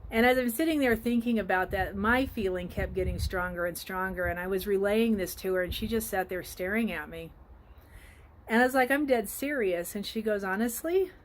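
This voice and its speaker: A woman's voice: mid-range voice, a little fast. A woman life coach talking earnestly outdoors in a casual motivational vlog, with frequent ums, filmed on a phone. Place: outdoors by a flowering tree.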